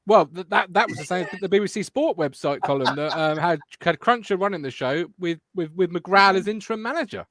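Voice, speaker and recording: A man's voice: high voice, lively intonation, a little fast, few pauses, a bit bright, dry recording. A man hosting a casual fan podcast over a video call, teasing and joking with his co-hosts. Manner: jokey, teasing presenter. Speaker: podcast host.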